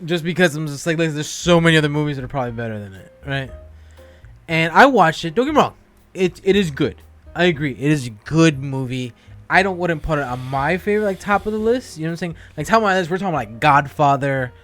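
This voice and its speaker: A man's voice: on the high side, expressive, fast, a bit bright, faint music behind. A young man co-hosting a casual podcast chat, swearing freely and laughing often. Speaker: podcast co-host.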